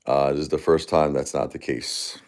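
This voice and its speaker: Grieving man with a very deep voice. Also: steady tone. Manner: halting and repetitive, many restarts and fillers. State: grief-stricken. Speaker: livestream host. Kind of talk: casual livestream chat, answering comments.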